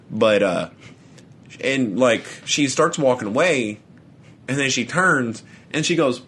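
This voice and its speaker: This young podcast co-host speaks slowly in a mid-range voice that's animated, a bit bright, and slightly rough. Chatting casually, he tells meandering stories, laughs through them, and stammers and restarts.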